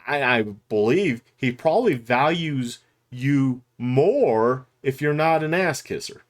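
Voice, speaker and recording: A middle-aged man giving candid, rambling commentary to the camera, with restarts and chuckles along the way. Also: fairly high pitch. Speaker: YouTube commentator. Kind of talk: unscripted talking-head commentary.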